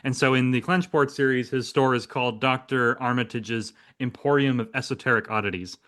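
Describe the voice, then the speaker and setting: A man's voice: medium pitch, fairly quick, fairly bright tone. A man hosting a casual podcast chat, rambling and restarting his phrases as he talks. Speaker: series co-creator and podcast host.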